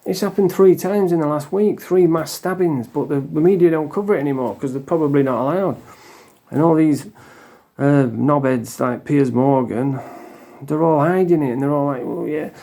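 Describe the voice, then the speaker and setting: A man's voice: a little high, normal speed, warm tone. A man, ranting bluntly in a casual monologue and swearing freely. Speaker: vlogger.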